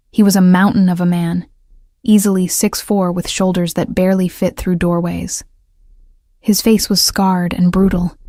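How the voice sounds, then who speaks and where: A woman narrating a dark romance story in the first person, in an even, measured reading. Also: lowish voice, dry recording, clean studio sound.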